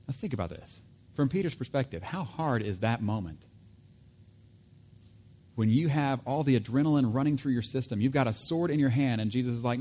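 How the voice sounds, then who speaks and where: A man's voice: medium pitch, lively intonation, a little fast, warm tone. A man preaching a sermon in a casual, conversational way, with asides and self-corrections. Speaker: pastor.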